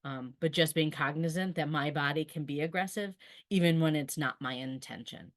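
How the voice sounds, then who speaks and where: Woman, special ed teacher, very low voice, earnest and practical, webinar call. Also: normal speed. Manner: earnest and explanatory, practical advice. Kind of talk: webinar presentation.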